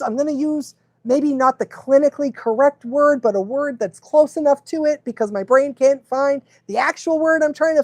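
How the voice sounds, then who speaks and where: A woman's voice: sits high, darkish tone, no echo. A woman dog trainer chatting casually on a livestream, laughing often and fumbling her words now and then.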